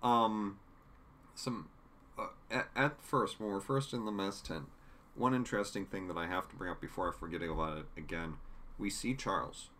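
A man's voice: low-pitched, moderate pace, fairly bright tone, slight background noise. A man co-hosting a casual podcast chat, rambling conversationally with fillers while he checks his notes. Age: adult parent. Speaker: podcast co-host. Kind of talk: casual chat reviewing a TV episode.

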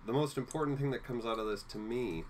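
A woman co-hosting a podcast, chatting casually and recapping episodes with lively asides. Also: extremely low pitch, fast talker, slight background noise. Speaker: podcast co-host. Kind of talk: casual chat.

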